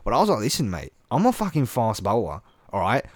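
A man impersonating a brash, boozy fast bowler, swearing constantly and calling everyone mate. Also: fairly low pitch, wildly swooping pitch, no room sound, studio quality. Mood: cocky.

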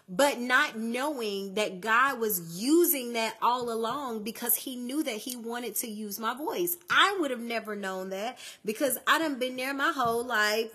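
A young woman from the southern United States hosts a faith-based podcast monologue. Her voice is bright with a husky edge, and she is lively and conversational as she preaches to her listeners. She keeps calling them in close, like she is talking to a friend. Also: a little high. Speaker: podcast host.

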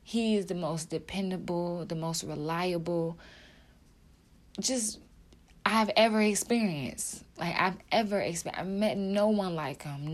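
A young woman speaks to her viewers about faith in a low-pitched, emotional voice. Her talk is heartfelt and casual, full of fillers and repeated phrases. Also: a little slow. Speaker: video creator.

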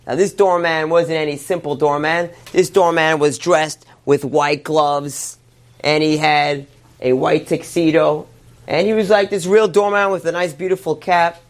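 Male rabbi, sermon storyteller, animated retelling. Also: a little high. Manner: animated retelling, quick asides.

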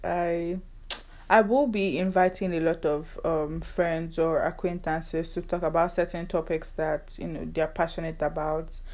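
A woman's voice: sits low, fairly even intonation, unhurried, darkish tone. A woman in her twenties with a Nigerian accent, hosting her own podcast in a casual, sarcastic, bantering way. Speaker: podcast host. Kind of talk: casual solo podcast chat.

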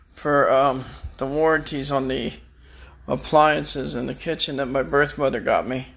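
A man's voice: on the high side, creaky, a bit bright, slightly rough. A man delivering a bitter, defiant personal rant, swearing and taunting his enemies. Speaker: vlogger. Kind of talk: angry personal rant to camera.

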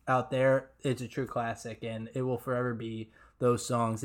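A man in a relaxed podcast conversation, chatting about a song line by line. He laughs often and fills pauses with ums and quick restarts. His voice sits at an ordinary middle pitch. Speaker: podcast co-host. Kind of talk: casual podcast chat breaking down song lyrics.

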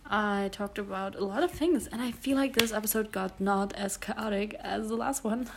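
The background is noisy, and her mid-range voice carries vocal fry at a moderate pace. This young German woman, around 20 and in her early twenties, hosts a casual solo podcast, rambling in English with a German accent and filling it with fillers and self-corrections.

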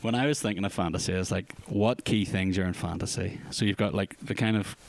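A man co-hosting a podcast, chatting casually about films in a rambling, jokey, animated way. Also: deep voice, quick pace, creaky. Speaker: podcast co-host. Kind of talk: casual film chat.

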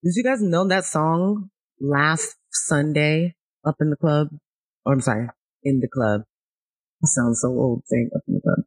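Husky, playful woman podcast host. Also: low voice, unhurried. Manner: playful, laughing, self-mocking. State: stuffy from a cold. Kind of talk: casual chat.

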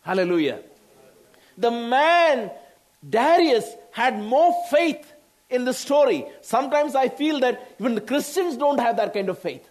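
A man with an Indian English accent preaching a sermon, slow, with frequent laughs and exclamations. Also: extremely high pitch, animated.

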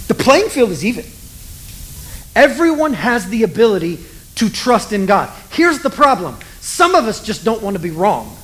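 A preacher delivering a relaxed, conversational sermon. They tell stories and poke fun at themselves in a mid-pitched voice. A faint hiss of noise sits under the voice. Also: normal speed, low-quality recording. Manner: conversational, self-deprecating, storytelling.

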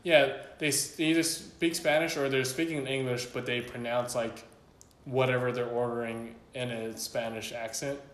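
A man's voice: medium pitch, steady tone, moderate pace. Guy hosting a chatty podcast, rambles a bit, starts over a lot, roomy echo. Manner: loose, meandering, many restarts. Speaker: podcast host. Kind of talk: casual chat.

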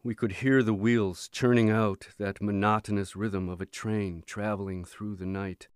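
A man reading a book chapter aloud in a measured, expressive audiobook narration. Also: fairly low pitch, clean tone, no echo, studio quality. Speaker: audiobook reader.

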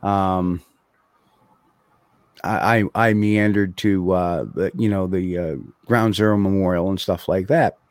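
A man's voice: deep voice, fairly even intonation, a little slow, no echo. A man hosting a podcast, chatting casually with many restarts and fillers before reading out notes. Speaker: podcast host. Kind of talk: casual chat.

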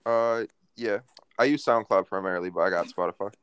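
Young male co-host, rapid casual banter, swears a lot. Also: fairly low pitch, fairly bright tone, clear, resonant tone, no room sound. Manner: joking, quick, swears freely. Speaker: podcast co-host.

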